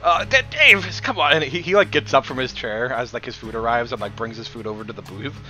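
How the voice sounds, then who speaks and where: A man's voice: mid-range voice, fast talker, bright, forceful tone, faint music behind. A man narrating a tabletop game as game master, rambling with fillers and frequent laughter.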